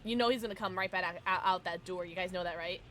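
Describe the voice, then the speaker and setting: A woman's voice: lowish voice, fast talker, a bit bright, a little hiss or hum. A young woman streaming a game, chatting casually with her viewers and reacting with frequent giggles. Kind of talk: casual gaming livestream chat.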